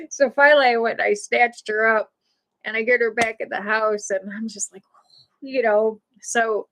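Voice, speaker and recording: A woman hosting a live stream, telling a casual story in a rambling, animated way full of fillers. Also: fairly high pitch. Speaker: livestream host.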